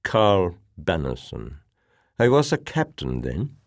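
A man reading an audiobook plays a hard-edged army officer, stern and bitter, pressing each word with force. His delivery is slow and lively in pitch, with a dry, close sound. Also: creaky, no room sound, full character voice. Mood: measured.

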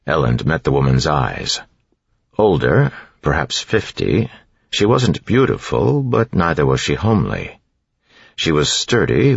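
A man narrating an audiobook with a steady, even reading. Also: rumbling low, vocal fry, slightly rough, no room sound, highs cut off.

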